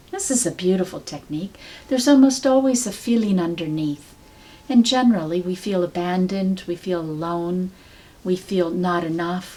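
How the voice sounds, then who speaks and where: A woman teaching a sound healing technique in a calm, measured, soft-spoken way, guiding the listener step by step. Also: on the low side. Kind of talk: slow guided teaching.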